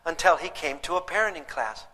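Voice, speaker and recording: A man's voice: on the high side, expressive, a little fast, sharp tone, slight background noise. A man giving a humorous live parenting seminar, questioning his audience directly. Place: lecture hall with audience. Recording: long hall reverb.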